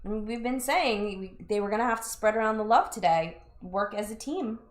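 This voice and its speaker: A woman co-hosting a game stream, tossing in short, easy comments about the plays. Her pitch sits in a middle range. Her voice carries a noticeable room echo. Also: fairly quick. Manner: brief chatty reactions and comments. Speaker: co-host. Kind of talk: casual live stream chat.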